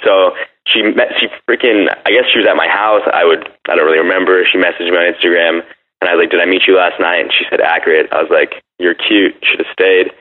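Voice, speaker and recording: A man's voice: sits low, fairly even intonation, fast. A man in casual chat, telling a brash dating story and acting out text messages. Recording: phone-like narrow sound.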